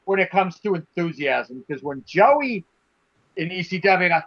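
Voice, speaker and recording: A man with a high voice talks wrestling in casual live-stream chat, pressing his points and repeating phrases for emphasis. The sound is dull and dry, as from a modest home microphone close to him. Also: animated, normal speed, no echo. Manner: emphatic, repeats himself when making a point. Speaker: podcast co-host.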